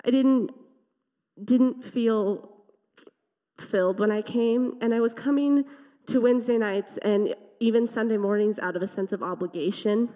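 A woman's voice: fairly high pitch, measured pace. A teenage girl giving an earnest, reflective personal testimony at a church service. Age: teens. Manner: earnest, reflective storytelling with small laughs. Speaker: teen speaker at youth worship service. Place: church sanctuary. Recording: dull sound with long hall reverb.

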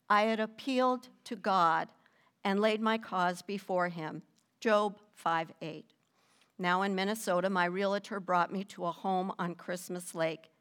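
An older woman reading her personal faith testimony in a measured, deliberate storytelling manner with gentle emphasis. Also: medium pitch, clear, resonant tone.

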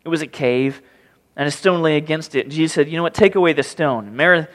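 A pastor with a fairly high voice preaches briskly in a large hall. He reads scripture with animation, acting out the pleading voices of the people in the passage.

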